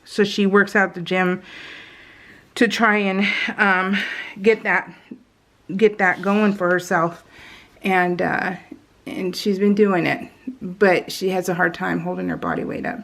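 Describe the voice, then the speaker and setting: A woman's voice: on the low side, unhurried, gravelly, pauses often, a bit bright. A middle-aged woman chatting casually in a voice-over about her family, self-deprecating and laughing often. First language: English. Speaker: scrapbooking vlogger. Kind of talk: casual voice-over while crafting.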